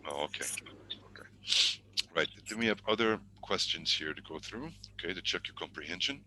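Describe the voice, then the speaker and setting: Guy teaching an online class, low voice but really bright and sharp, keeps muttering and restarting. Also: lively intonation, fairly quick, slight background noise, rough recording. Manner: thinking aloud, self-correcting, murmured asides. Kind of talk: online exam-prep lesson.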